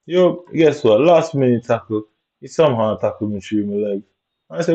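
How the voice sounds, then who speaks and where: A man commentates his own gameplay, muttering and ranting heavily and sounding aggrieved the whole time. His voice is mellow, dark, and mid-range, animated at a normal speed, and the recording is dull and lo-fi.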